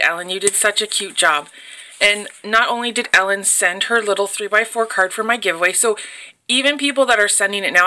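A young woman chats through a craft mail unboxing, gushing over every item. Her voice is bright and clear at an ordinary middle pitch. She is caught on a phone camera at her table at home, talking straight to her viewers. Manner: gushing, chatty, talks to viewers. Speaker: craft vlogger. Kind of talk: casual unboxing chat.

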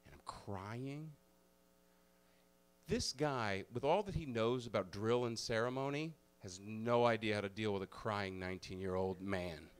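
This male comedian's voice sits lowish and smooth, and he speaks a little slowly as he shares a personal story on stage before a live crowd. Animated and foul-mouthed, he jumps between loud bursts and soft, confessional asides.

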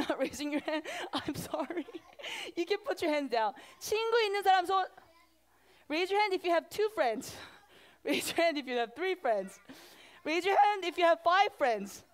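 High-voiced woman pastor talking to kids. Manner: animated, asks the children questions. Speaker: children's pastor. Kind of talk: children's sermon.

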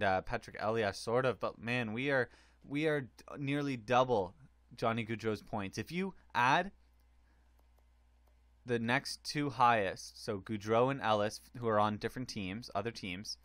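A man giving casual, excitable commentary on a hockey video game tournament, rambling with many fillers. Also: on the low side, no room sound. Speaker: gaming commentator.

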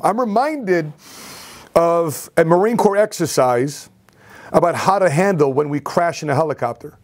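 Man, higher-pitched voice, entrepreneur vlogger, animated storytelling, repeats himself. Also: moderate pace. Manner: animated, repetitive retelling. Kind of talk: storytelling vlog.

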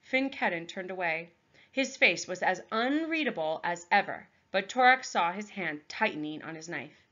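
A woman teacher reading a novel aloud to her class, expressive and clear. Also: on the low side, normal speed, lo-fi sound. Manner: expressive storytelling.

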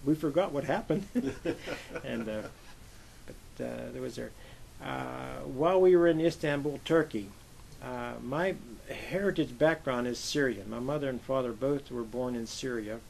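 An older man from Pennsylvania, a Navy veteran, telling lively anecdotes in an oral history interview and acting out the voices he quotes. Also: mid-range voice, unhurried, vocal fry, slight background noise, poor audio. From Pennsylvania, USA.

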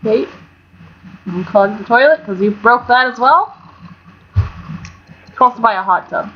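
A young woman narrates her life-sim play in a casual, talkative way, jumping from mock fury to excited squeals. Her voice sits a little high. The recording is muffled and lo-fi with a light hiss underneath. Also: unhurried. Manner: chatty and excitable, swinging between mock outrage and squeals. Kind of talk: casual gameplay commentary. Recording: dull lo-fi home mic with faint hiss.

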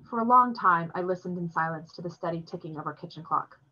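A woman reading a novel chapter aloud in a steady, plain storytelling voice. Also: lowish voice, fast talker, muffled recording. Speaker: reader.

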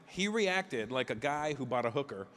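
Animated forty-something stand-up comedian. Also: male voice, mid-range voice. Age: 40s. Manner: animated, acts out accents and characters in quick bits. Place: large theater with a live audience.

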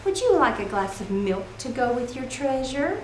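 A man's voice: very high-pitched, very animated, normal speed, roomy sound, background noise. A man reading aloud and voicing a mother who plays a pirate captain, using pirate talk. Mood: yielding. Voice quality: mock-pirate slang.

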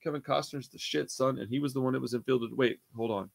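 An excitable man reacting to songs in loose, slangy talk full of swearing. His voice sits at an everyday middle pitch, and he jumps between hyped outbursts and quieter asides. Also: fast, creaky, no room sound, studio quality. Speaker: music reaction channel host. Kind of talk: casual reaction commentary.

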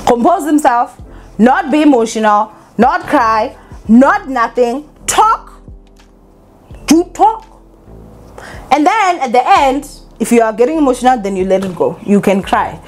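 Opinionated woman vlogger; animated delivery with a lively pitch. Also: unhurried, long pauses. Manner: animated, opinionated, laughs often. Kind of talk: casual commentary vlog.

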